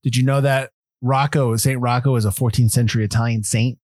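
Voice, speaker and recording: A man hosts a relaxed film podcast, reading trivia from his notes and talking it over. His voice is mid-pitched and even. The recording is close and dry. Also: brisk, no room sound. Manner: easygoing, reads trivia notes aloud. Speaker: podcast host. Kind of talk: casual film review chat.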